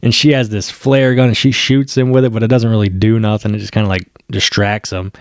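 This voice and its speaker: A man giving a casual spoken review of a TV episode, excited and rambling, with slang and swearing. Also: lowish voice, a little fast, no room sound, clean studio sound.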